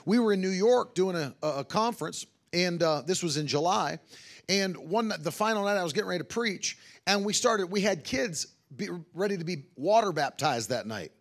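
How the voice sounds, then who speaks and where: A traveling revival preacher tells testimonies fervently as sermon stories, bursting out with hallelujahs and quoting others in his own voice. His voice is high with lively intonation at a moderate pace.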